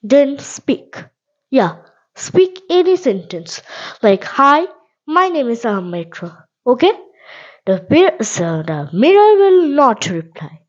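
High-voiced woman teaching slowly. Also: very animated, lo-fi sound. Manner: halting, repetitive simple phrasing with frequent "okay?" checks. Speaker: podcast host and English teacher. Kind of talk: casual spoken English lesson.

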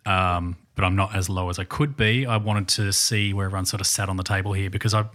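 A man co-hosting a film podcast, giving his views in a measured, somewhat hesitant way. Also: low voice, steady tone, a bit bright. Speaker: podcast co-host. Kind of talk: casual chat.

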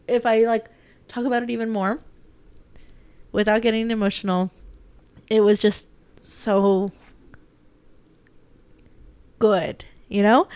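Her voice is fairly high and smooth, captured on a dry recording. The young woman is vlogging casually about her day, chatty and rambling with plenty of fillers, trying not to cry.

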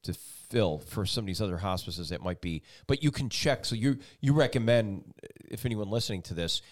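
Male talk host, lowish voice, eager, rambling, restarts mid-question. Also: expressive, brisk. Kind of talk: casual interview.

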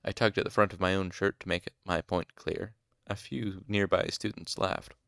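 A man reading a novel aloud in first person, with wry, measured storytelling. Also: low-pitched, steady tone, gravelly, a bit bright, no echo, clean studio sound. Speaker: audiobook reader.

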